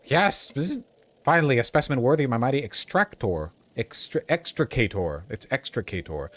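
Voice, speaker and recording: A man's voice: medium pitch, sing-song, normal speed, a bit bright, no room sound. A man voicing an eccentric, grandiose female bug doctor who buzzes and praises her own genius in a theatrical, pompous way. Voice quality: buzzing, theatrical.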